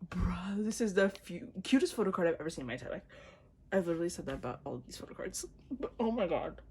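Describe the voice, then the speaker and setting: A young woman doing a casual unboxing vlog, gushing and excitable, with gasps and slang. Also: lowish voice, racing, a little hiss or hum. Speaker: vlogger.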